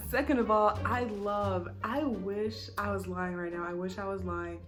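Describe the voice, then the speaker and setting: A young woman tells a storytime vlog in a loose, animated way, full of swearing and quick asides. Her voice sits at a middling pitch, and soft music plays faintly underneath. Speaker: vlogger. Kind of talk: casual storytime.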